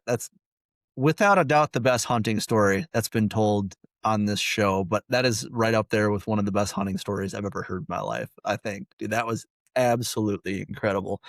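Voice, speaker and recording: A man's voice: fairly low pitch, no echo. Easygoing young male host, casual and loose, dry studio sound. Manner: laid-back, says "dude" and "like" constantly. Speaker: podcast host. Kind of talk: casual chat.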